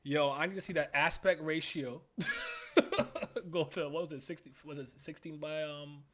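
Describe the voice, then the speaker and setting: A man's voice: on the high side, animated, a little slow, sharp tone. A man co-hosting a podcast in casual chat, laughing often and chiming in with short reactions. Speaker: podcast co-host.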